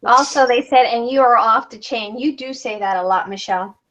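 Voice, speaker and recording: A woman's voice: fairly high pitch, fairly quick, a bit bright. A woman hosting a crafting livestream, chatting casually and reading out viewer comments while she works. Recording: dull lo-fi sound.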